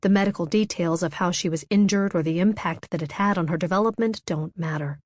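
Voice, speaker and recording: A woman narrates a first-person romance audiobook in a measured, intimate way. Her voice sits lowish. The recording is close and dry, made on a studio microphone with no room sound. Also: a little mellow, no echo.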